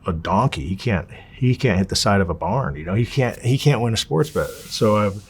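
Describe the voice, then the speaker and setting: Lower-voiced man telling stories. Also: moderate pace, breathy edge. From Los Angeles, USA. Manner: animated, acts out quoted dialogue. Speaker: interview guest. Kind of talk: casual storytelling.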